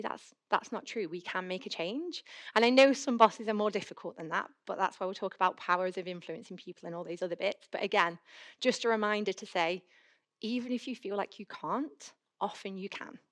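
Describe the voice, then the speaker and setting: Fast-talking woman giving a talk. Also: medium pitch. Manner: chatty, animated, acts out her own inner voice. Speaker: conference speaker. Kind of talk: conference talk with anecdotes. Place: conference hall.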